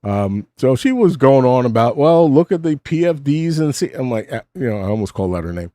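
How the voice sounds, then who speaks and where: A middle-aged man talks in a rambling, self-mocking way, and his voice swings widely in pitch. His tone is dark and mellow, and it sounds dry and close. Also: sing-song, brisk, dry recording. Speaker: host. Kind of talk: casual monologue. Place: home desk.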